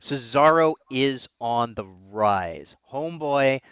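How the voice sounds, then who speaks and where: An opinionated man talks through his takes in a loose, rambling podcast chat, often restarting his sentences. His voice is mid-pitched and comes through a muffled, lo-fi recording. The sound is dry and close, with no room around it. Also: animated, slow, a bit bright, smooth, no room sound. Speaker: podcast co-host. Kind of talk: casual wrestling chat.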